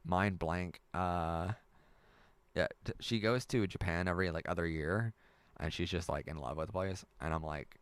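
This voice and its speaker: Reading viewer comments on a laid-back live stream, a young adult man from the US chats in a meandering way and laughs a lot. He speaks low and a little slowly, with a clean tone and no room sound.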